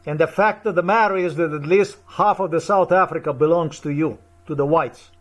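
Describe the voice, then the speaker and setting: A man's voice: fairly high pitch, fairly quick, lo-fi sound. A man ranting profanely and accusingly in a monologue to camera. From Eastern Europe. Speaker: video commentator.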